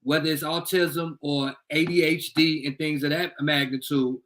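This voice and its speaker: A man hosting a podcast, chatting casually, curious and quick to laugh. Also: on the high side, steady tone, fairly bright tone, a little hiss or hum. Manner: laughs easily, curious, interjecting. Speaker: podcast host. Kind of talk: casual chat.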